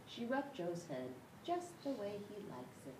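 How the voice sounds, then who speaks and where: A woman reading a dog's storybook aloud in the first person, expressive, with sudden shouts and yelps, recorded in an echoey room from a distance with a rumble behind. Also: unhurried. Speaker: storybook reader. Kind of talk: reading a picture book aloud.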